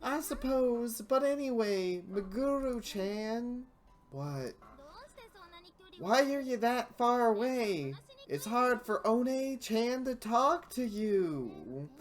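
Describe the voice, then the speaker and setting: A woman's voice: fairly high pitch, lively intonation, slow pace, voice pushed up. Woman putting on a doting Southern-accented big sister. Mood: teasing. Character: doting older-sister girl, gentle and protective. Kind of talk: visual novel voice-over reading.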